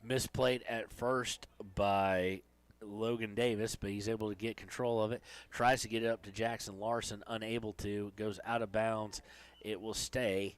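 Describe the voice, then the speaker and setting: A man calling play-by-play for a high school soccer game, chatty and joking between plays. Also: little pitch movement, unhurried, smooth. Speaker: play-by-play commentator.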